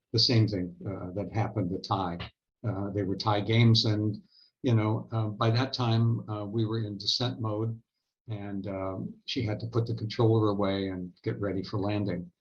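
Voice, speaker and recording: A man giving a conference keynote, telling a story in a measured, reflective, halting way. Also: fairly low pitch. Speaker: keynote speaker. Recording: dull lo-fi recording.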